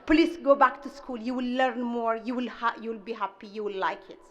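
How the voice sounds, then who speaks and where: A woman's voice: a little high, brisk, fairly bright tone, dull audio, natural voice. A woman voicing her earnest young adult son in a speech, sounding patient as he explains.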